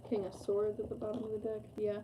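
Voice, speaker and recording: A woman's voice: medium pitch, monotone, fast, muffled recording, heavy background noise. A woman giving a casual, rambling tarot reading, full of fillers and the odd swear. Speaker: tarot reader.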